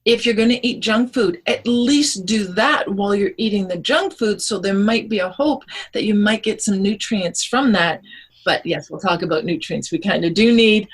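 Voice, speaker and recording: A woman, a holistic nutritionist, explaining things in an animated way on a radio interview. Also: medium pitch, moderate pace, breathy edge, low-quality recording. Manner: animated, explanatory, acts out quotes.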